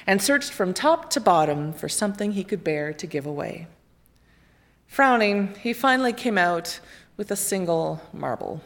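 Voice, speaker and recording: Woman reading a children's story aloud. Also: mid-range voice. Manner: expressive, lively storybook narration.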